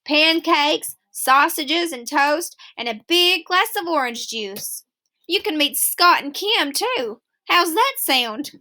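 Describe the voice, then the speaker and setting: A woman's voice: high-pitched, expressive, takes it slowly, bright, forceful tone, exaggerated voice. A woman voicing a motherly woman who fusses over a child and scolds her teasing father. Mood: gentle. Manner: fussing, scolding then coaxing. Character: motherly woman, fussing and caring.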